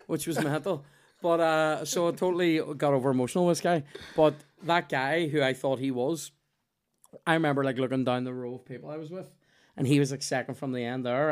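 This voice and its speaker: A man with a Northern Irish accent, hosting a podcast and telling stories in casual, swearing chat. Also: a little high. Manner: swearing, storytelling, laughs often. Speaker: podcast host.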